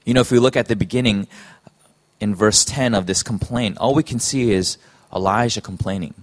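A man preaching a sermon in an earnest, halting way, often restarting his phrases. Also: lowish voice.

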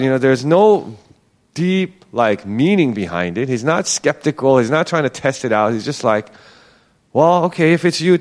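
A man giving a casual Bible teaching, talking conversationally and acting out the quoted lines. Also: mid-range voice.

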